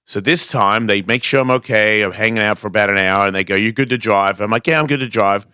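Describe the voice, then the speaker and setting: A man's voice: on the low side, steady tone, fast, sharp tone, smooth, no room sound, studio quality. A man telling a personal story on a talk show, acting out the voices he quotes. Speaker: guest skateboarder. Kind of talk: casual storytelling.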